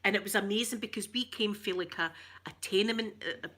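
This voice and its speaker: A woman from Glasgow with a broad Glaswegian Scottish accent hosts an ASMR channel, reading viewer comments in a casual chat. Her mid-range voice is bright, sharp and fast. She rambles from story to story, chatty and self-mocking, laughing often.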